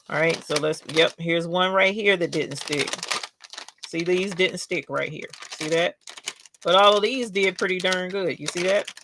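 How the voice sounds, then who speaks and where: An older woman chats through a casual live craft demo. She tells her stories in an animated, talkative way, full of asides and questions to her viewers. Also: on the low side, noisy background. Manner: animated, chatty storyteller. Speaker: rhinestone crafter hosting a live stream.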